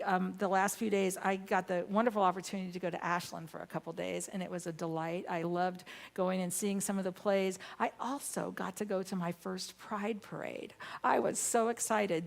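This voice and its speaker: A woman minister giving a sermon, telling a story with animated, emphatic bursts. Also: medium pitch, creaky. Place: church sanctuary.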